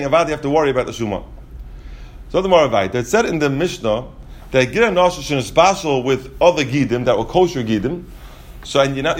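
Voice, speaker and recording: A man explaining Talmud in a casual class, rapid and full of restarts and asides. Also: fairly high pitch. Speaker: Talmud teacher.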